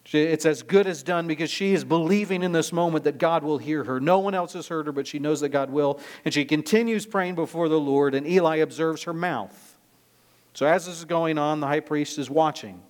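A man with a slightly high voice speaks fairly quickly as he preaches, working through a scripture passage verse by verse. His expository delivery is emphatic, and he reads the scripture aloud.

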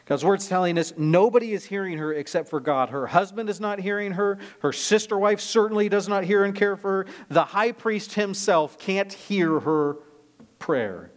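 A man's voice: sits high, moderate pace. A man preaching a sermon, explaining a scripture passage verse by verse with emphatic delivery. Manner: expository, emphatic, reads scripture aloud.

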